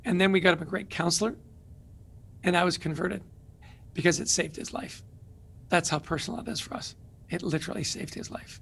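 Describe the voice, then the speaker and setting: High, gravelly, bright-voiced man. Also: a little fast, pauses often. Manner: energetic, animated storyteller. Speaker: guest author. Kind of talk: interview conversation.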